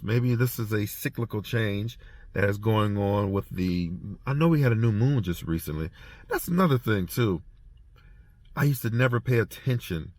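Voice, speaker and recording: A lowish male voice, recorded dry, belongs to a former prison officer heading home after treatment. His casual reflection unfolds in halting stories full of repeated words.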